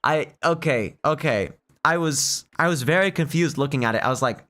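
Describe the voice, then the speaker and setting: A man's voice: on the high side, moderate pace, fairly bright tone. A young man giving casual gameplay commentary, rambling and hesitant, often restarting his sentences. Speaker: let's play host.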